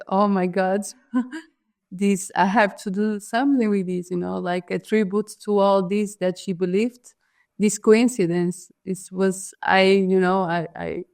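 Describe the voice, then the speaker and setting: A Portuguese-accented woman, a guest artist whose first language is Portuguese, tells a personal story in an interview, pausing often, restarting and searching for English words. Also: mid-range voice, gravelly, a little mellow. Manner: hesitant, many fillers and restarts, searching for words.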